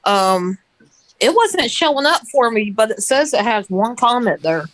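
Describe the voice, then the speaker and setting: A woman's voice: a little high, very animated, measured pace, crowd noise, rough recording. A woman chatting casually off to the side of a livestream, hesitant and full of fillers. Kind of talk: casual chat.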